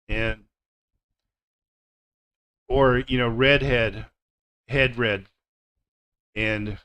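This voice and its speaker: A male teacher runs a live pronunciation lesson with a bright, clear voice. He speaks very slowly and deliberately, repeating each word so learners can copy it. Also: mid-range voice, steady tone. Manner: slow, deliberate, repeats words for drill. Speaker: English teacher.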